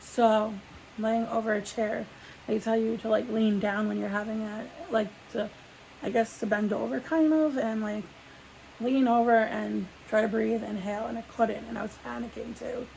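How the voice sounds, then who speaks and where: Woman vlogger, young adult, gravelly and rambling, faint room hum behind. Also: a little high, fairly even intonation, normal speed, darkish tone, poor audio. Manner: rambling, full of "like" fillers and restarts. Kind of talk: casual sit-down storytelling.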